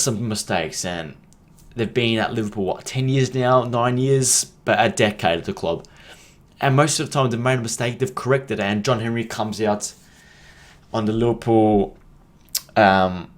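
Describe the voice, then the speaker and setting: Fired-up young man ranting about football. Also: lowish voice. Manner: heated, rambling, frequent restarts and swearing. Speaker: football podcast host. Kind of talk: casual opinion monologue.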